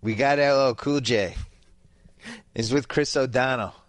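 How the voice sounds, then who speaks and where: A man hosting a podcast in casual chat, offhand and wry, talking in quick bursts. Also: medium pitch, dry recording. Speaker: podcast host.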